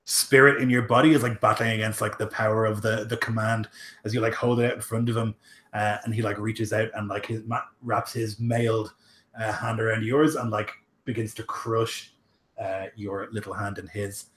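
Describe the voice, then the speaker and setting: A man's voice: fairly low pitch, little pitch movement, moderate pace, a bit bright. A man narrating as game master, rambling with lots of filler words. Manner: rambling, heavy use of "like" and "um".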